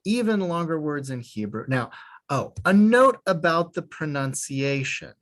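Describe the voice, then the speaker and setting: A man's voice: a little high, very animated, a little slow, a bit bright. A man leading a beginner class, patient and methodical. He breaks each point into small steps and slips in a dry joke now and then. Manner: patient, explains step by step with small jokes. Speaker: Hebrew teacher. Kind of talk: online class instruction.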